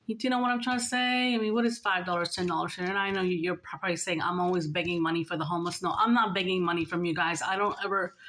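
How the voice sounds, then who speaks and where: A woman's voice: on the low side, steady tone, fast, few pauses, a bit bright, slight background noise. A woman talking casually and earnestly to her viewers about faith and helping others, chatty and repeating herself. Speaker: spiritual vlogger. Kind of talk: casual spiritual talk to viewers.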